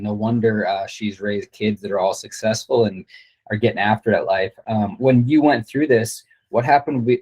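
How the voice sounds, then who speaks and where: A man with a husky, slightly breathy voice hosts a casual interview. He reacts to his guest with short bursts of enthusiasm before moving on to his next question. His voice sits on the low side. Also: darkish tone. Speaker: podcast host.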